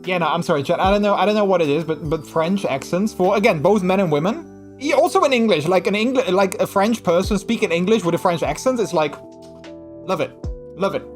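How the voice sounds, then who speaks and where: A man hosts a live stream, talking to his chat in a gushing, animated way that keeps restarting mid-sentence. His voice sits a bit high, and faint music plays behind him. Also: fairly quick.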